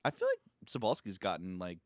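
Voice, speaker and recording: A man's voice: low-pitched, huge pitch swings, fairly quick, no echo, clean studio sound. A young man co-hosting a casual podcast, talking enthusiastically in a rambling way with many "like"s. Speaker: podcast co-host. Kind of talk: casual chat.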